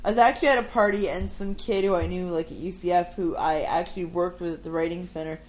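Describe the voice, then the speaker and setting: Chatty young woman, lowish voice. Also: fast talker, poor audio. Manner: animated storyteller, fillers like "like". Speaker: podcast co-host. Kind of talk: casual chat. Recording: faint background noise.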